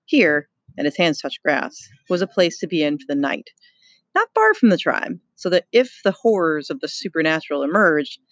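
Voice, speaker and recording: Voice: mid-range voice, very animated, moderate pace, fairly bright tone, no echo. Reader narrating a novel, dry close sound. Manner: explains and poses questions to the reader. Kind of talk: reading a novel aloud with commentary.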